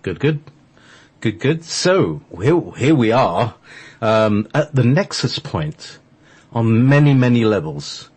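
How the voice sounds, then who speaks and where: A man's voice: mid-range voice, big pitch swings, slow, darkish tone, husky. A man from Scotland hosting a spiritual internet radio show, chatting casually and rambling with many fillers and restarts. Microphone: online call.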